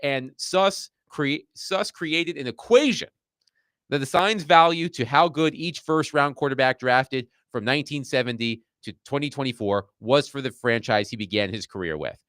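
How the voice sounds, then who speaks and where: A man hosting a sports radio show, talking in an animated, nerdy way and digging into numbers. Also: medium pitch, normal speed, no room sound, studio quality. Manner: animated, self-described nerd who enjoys digging into numbers.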